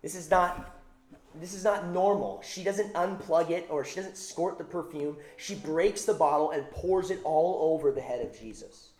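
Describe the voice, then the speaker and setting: A man's voice: on the high side, moderate pace, a little mellow. Emphatic male preacher in an echoey room. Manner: emphatic, repeats phrases for stress. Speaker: pastor. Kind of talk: sermon.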